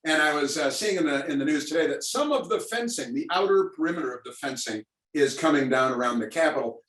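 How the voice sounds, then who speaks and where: A man's voice: a little high, animated, fast, a bit bright, echoey room, distant mic, low-quality recording. A man hosting a virtual call-in talk show, rambling and wry in his answers. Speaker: radio talk host.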